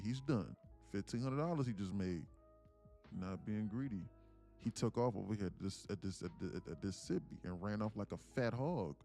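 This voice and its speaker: This day-trading livestream host has a mid-range, somewhat dark voice. He comes across hyped and preachy, talking in casual street slang and unloading a string of rhetorical questions.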